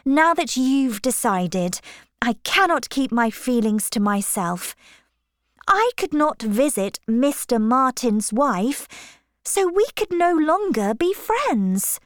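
A woman voicing a composed young gentlewoman who speaks in a measured, careful way. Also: high voice, sing-song, dry recording, clean studio sound, pitched above the performer's own voice, exaggerated voice. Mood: earnest.

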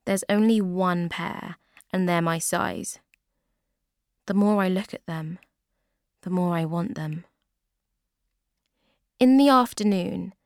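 A woman reading a first-person story aloud in a clear, deliberate way. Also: lowish voice, no room sound, clean studio sound. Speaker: narrator.

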